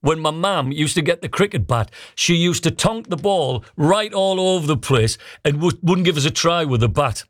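A man's voice: fairly high pitch, expressive, normal speed, few pauses, dry recording, studio quality. A man hosting a breakfast radio show, chatting casually and joking with listeners.

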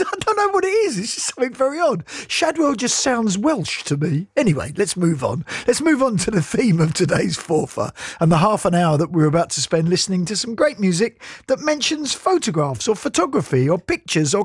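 Radio host, playful banter with a caller, breathy and super lively, dry close sound. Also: mid-range voice, no room sound. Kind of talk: live radio presenting and phone-in chat.

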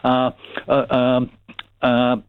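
A man's voice: medium pitch, completely flat delivery, very slow, clear, resonant tone, no room sound. A man from Burnley with a Burnley accent, calling in to a radio show and chatting with lots of fillers and restarts. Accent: Burnley, Lancashire. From Burnley, England. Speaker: caller. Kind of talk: phone-in chat. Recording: tinny phone line.

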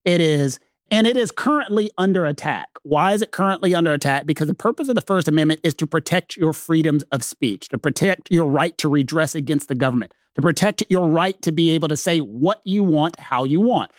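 Man, Southern American accent, high-pitched, emphatic lecturing, dry close sound. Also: fairly quick, hardly any pauses, dry recording. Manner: emphatic, lecturing, repeats phrases for weight. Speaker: legal commentator co-host. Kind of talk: podcast discussion.

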